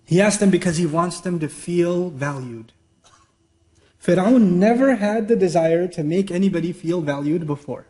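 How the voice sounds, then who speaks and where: A male teacher gives an animated religious lecture. He keeps asking rhetorical questions and acts out little exchanges. His voice sits notably high for a man. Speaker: Islamic teacher. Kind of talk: lecture sermon.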